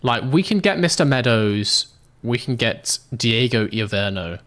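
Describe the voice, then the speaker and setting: A man's voice: mid-range voice, expressive, a little slow, fairly bright tone. A man giving casual gameplay commentary as a game streamer, in a sarcastic, self-mocking and joking way.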